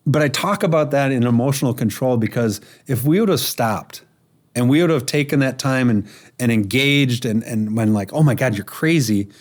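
A man, a firefighter author, telling stories in an interview with lively acted quotes and laughs. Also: medium pitch, moderate pace. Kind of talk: storytelling interview.

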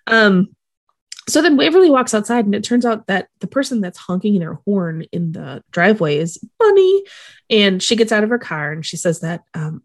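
Lively, expressive woman podcast co-host. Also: medium pitch, no echo, studio quality. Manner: lively storytelling, playful and laughing. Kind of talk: casual chat.

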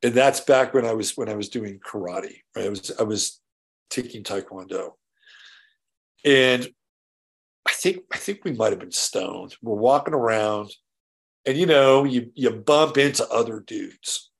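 A man's voice: mid-range voice, a little slow, vocal fry. A man hosting his own show, telling a rambling story with lots of restarts, casual swearing and "right?" tags. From California. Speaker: show host. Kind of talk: casual solo monologue.

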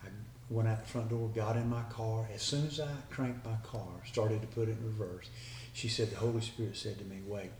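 A man's voice: lowish voice, fairly even intonation, a little fast, few pauses, darkish tone, far from the mic, slight background noise. A man, a guest earnestly retelling a conversation line by line. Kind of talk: personal storytelling. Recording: echoey room with faint background ambience.

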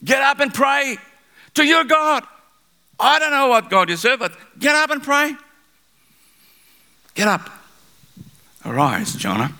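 A man voicing an alarmed ship captain who shouts urgent questions at a sleeping passenger. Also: mid-range voice, normal speed, few pauses, husky. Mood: alarmed scolding.

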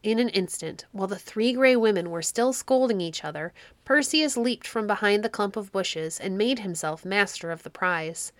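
A woman reading a children's classic story aloud, with expressive narration. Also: mid-range voice, moderate pace, dry recording.

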